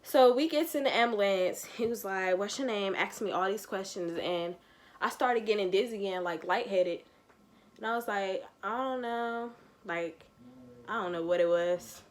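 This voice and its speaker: A woman's voice: mid-range voice, normal speed. A nineteen-year-old woman, telling a story on her vlog and acting out the quotes. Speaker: vlogger.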